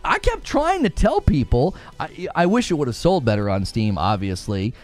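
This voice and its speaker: High-voiced dude on a live gaming stream, super sarcastic, bouncy pitch, faint music under him. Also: male voice, moderate pace. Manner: sarcastic, laughing often, animated. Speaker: live talk show host. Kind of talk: live stream commentary reading super chats.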